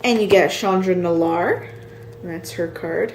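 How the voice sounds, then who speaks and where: A tired, yawning woman showing off a card game box set, slowly reading out card names and sometimes unsure how to say them. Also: mid-range voice, darkish tone. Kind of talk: casual show-and-tell. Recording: echoey room with faint ambient noise.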